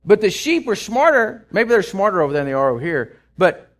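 A middle-aged man with a Texan accent, preaching a sermon in a folksy storytelling way, swinging from loud to hushed. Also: high-pitched, big pitch swings, brisk. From Texas. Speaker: pastor.

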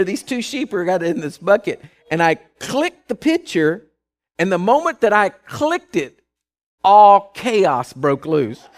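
A man telling a casual spoken anecdote, rambling with lots of "you know" and restarts, and acting out voices in the story. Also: sits high.

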